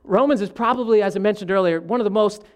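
High-pitched, animated preacher man. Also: fast talker. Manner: animated preaching, addresses the congregation as y'all. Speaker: pastor. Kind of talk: sermon.

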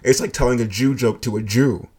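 A man's voice: mid-range voice, a little fast, darkish tone, breathy edge. A young man hosting a podcast, telling a story in a blunt, profane, joking way. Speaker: podcast host. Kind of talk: casual storytelling monologue.

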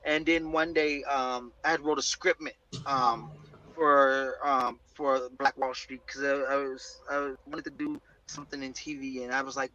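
Guy guesting on a podcast, bright punchy voice, gets all excited telling his story. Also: mid-range voice, normal speed, poor audio. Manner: excitable, acts out quoted voices. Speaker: guest comics writer. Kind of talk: animated storytelling.

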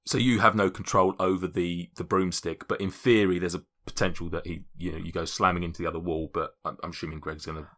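Male game master, rambling and chatty, low bright voice. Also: little pitch movement, quick pace, few pauses. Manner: rambling, self-correcting, laughs often. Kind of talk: casual tabletop game narration.

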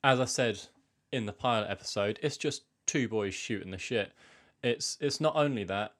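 A young man co-hosting a podcast in casual chat, deadpan and self-mocking. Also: on the low side, normal speed. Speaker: podcast co-host.

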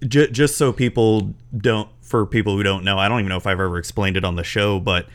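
Low-voiced rambling male podcast host. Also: fairly even intonation, fast. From Florida, US. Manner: rambling, lots of restarts and fillers. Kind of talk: casual interview chat.

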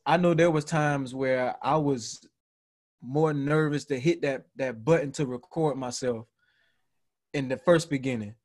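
A man's voice: measured pace, a little mellow. A man hosting a casual group podcast, talking loosely with fillers and frequent laughter. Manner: laughs a lot, jumps into high voices to mimic people. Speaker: podcast host.

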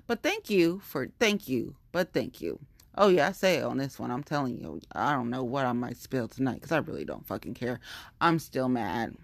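Woman cussing and venting on her show, low voice, dry close sound. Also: big pitch swings, moderate pace, gravelly, no echo. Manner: profane, heated, repetitive venting. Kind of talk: casual ranting monologue.

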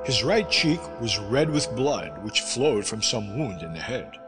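A man narrating a classic sea novel aloud in an expressive storytelling manner. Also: mid-range voice, a little slow. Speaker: audiobook narrator. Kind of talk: scripted narration. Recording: reverberant with music behind.

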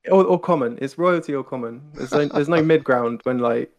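A man's voice: mid-range voice, normal speed, gravelly, slight background noise. A British man chatting casually as a guest impressionist, talking with lots of fillers and laughter. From Britain. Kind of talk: casual chat.

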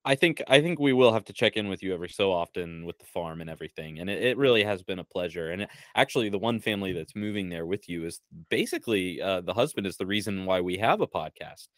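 A man's voice: low voice, animated, quick pace, few pauses, a bit bright, no echo, studio quality. A man co-hosting a podcast, talking easygoing and loose with frequent ums. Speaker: podcast co-host. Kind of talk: casual podcast chat.

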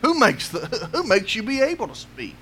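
A man with a strikingly high voice preaches a sermon. He pushes his congregation with question after question and doubles back on his words as he builds each point. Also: huge pitch swings, normal speed, pushed and bright, a little hiss or hum. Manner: pleading rhetorical questions, repeats words as he builds.

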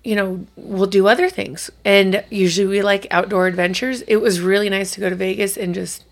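Middle-aged woman, chatty podcast co-host with some vocal fry, loose and casual. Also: medium pitch, fairly even intonation, brisk. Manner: chatty storyteller, swears casually. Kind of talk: casual chat.

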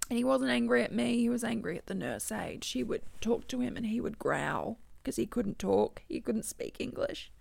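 A woman telling a painful personal story, halting and tearful, often dropping into whispers. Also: fairly high pitch, expressive, vocal fry, a little mellow, dry recording. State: crying. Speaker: bereaved daughter telling her story. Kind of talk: emotional personal testimony.

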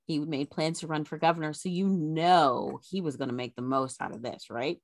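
A woman's voice: low-pitched, moderate pace, dry recording. A woman co-hosting a podcast, animatedly retelling an old scandal with chatty asides. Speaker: podcast co-host. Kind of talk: casual history storytelling.

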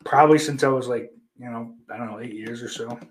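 A man's voice: mid-range voice, steady tone, fast talker. A man hosting a livestream, chatting casually with his viewers in a rambling, profane, joking way. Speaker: livestream host. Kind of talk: casual chat to a live chat.

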